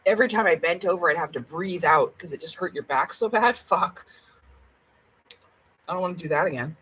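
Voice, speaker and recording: A woman's voice: fairly low pitch, a little fast, fairly bright tone, slight background noise, rough recording. A woman chatting casually to camera at home, blunt and rambling, with plenty of swearing. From Canada. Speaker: vlogger.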